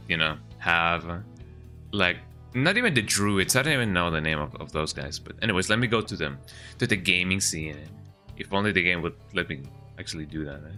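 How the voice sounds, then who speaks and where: Streaming a game, a young man keeps up a rambling, casual chat, frequently ending lines with "eh?" His voice sits low and sounds pushed and bright.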